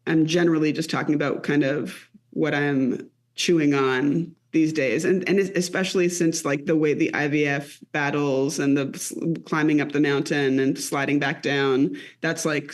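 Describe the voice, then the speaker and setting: A woman in her late thirties, a comedian guest, chatting casually on a podcast in an animated, rambling way. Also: sits low, moderate pace. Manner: animated, rambling with many fillers.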